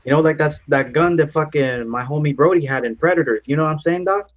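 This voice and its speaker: A man's voice: a little high, quick pace, dull audio, pitched above the performer's own voice, close to an everyday voice. A man voicing a swaggering young male street gang member who talks in a slangy street drawl. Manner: slangy street drawl, calls people homie and dog.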